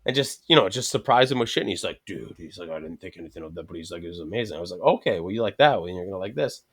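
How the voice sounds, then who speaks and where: Guest: fast-paced man, casual and profane, acts out every voice in his stories. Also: sits low, animated, a bit bright, breathy edge. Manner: profane, rambling anecdotes with quoted dialogue. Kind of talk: casual storytelling chat.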